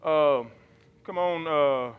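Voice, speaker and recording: A man's voice: fairly high pitch, drawn-out words, clean tone, narrow, tinny audio. A man preaching a sermon as pastor, calling on the congregation to repeat his lines back in an emphatic, rhythmic manner. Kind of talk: sermon with call and response. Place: church sanctuary. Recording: long reverb of a large hall.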